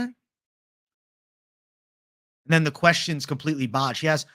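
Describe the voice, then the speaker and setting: A man's voice: fairly high pitch, steady tone, a little slow, long pauses, fairly bright tone. Profane casual male livestream host. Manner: casual, profane, reads chat aloud.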